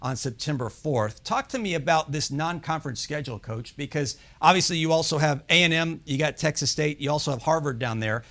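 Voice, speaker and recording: A man's voice: a little high, a little fast, hardly any pauses, fairly bright tone. A man hosting a casual sports podcast, upbeat and hyping up his guest. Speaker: podcast host.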